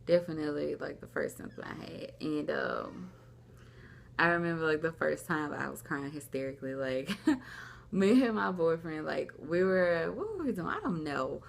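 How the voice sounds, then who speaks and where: A woman's voice: low-pitched, lively intonation, moderate pace, gravelly. A young woman vlogging at home, telling a personal story in a rambling, casual way, acting out what people said. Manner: rambling, lots of "like", acts out quoted dialogue. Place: at home, indoors.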